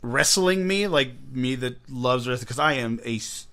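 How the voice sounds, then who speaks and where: A man's voice: mid-range voice, lively intonation, normal speed, bright, forceful tone. Enthusiastic man chatting, laughing often. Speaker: podcast co-host. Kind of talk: casual chat.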